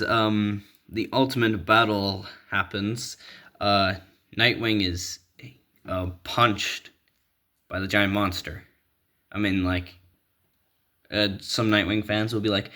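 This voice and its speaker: A man's voice: lowish voice, bright, forceful tone. A man casually retelling a comic story, rambling with lots of fillers and small laughs. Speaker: comic recap vlogger.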